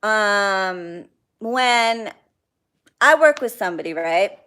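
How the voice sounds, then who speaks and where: A woman's voice: medium pitch, animated, slow, sharp tone, smooth. A young woman hosting a casual livestream, venting bluntly about clients, swearing freely and greeting viewers by name. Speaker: spiritual practitioner hosting a livestream.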